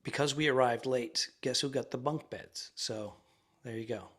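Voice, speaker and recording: A man co-hosting a comedy podcast, chatting in a rambling, easygoing way from a quiet ensuite room in a rented house. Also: medium pitch, normal speed, slightly rough. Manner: rambling, easygoing, hesitant with fillers. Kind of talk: casual chat.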